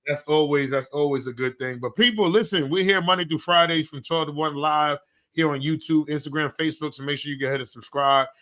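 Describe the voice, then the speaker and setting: A man in his thirties co-hosting a casual podcast, telling animated stories and acting out quotes. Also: on the high side, a little fast. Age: 30s. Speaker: podcast co-host. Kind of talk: casual chat.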